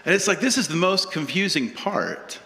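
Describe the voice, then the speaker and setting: A male pastor delivers a humorous, story-driven sermon in a church sanctuary, his voice high, sing-song, and sharp at a moderate pace. Long church-hall reverb fills the recording.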